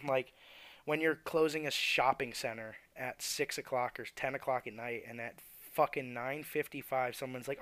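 A man's voice: mid-range voice, fairly even intonation, normal speed, fairly bright tone, dry recording. A young man ranting bluntly and profanely as a podcast host, venting about customers at his tire shop. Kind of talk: ranting monologue.

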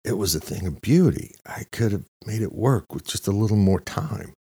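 A man voicing a self-pitying disgraced male scientist in a dry, scratchy, whiny voice, pitched above his own. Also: lively intonation, normal speed, mellow, husky. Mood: defensive whining. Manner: whiny, defensive.

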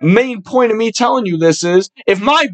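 A young man hosting a podcast, talking loud and crude with lots of swearing, jumping into quick voices for the people in his stories. His voice sits a little high for a man. The sound is close and dry. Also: no echo. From Buffalo, New York area. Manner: loud, swearing, storytelling with animated impressions. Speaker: podcast host. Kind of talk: casual podcast chat.

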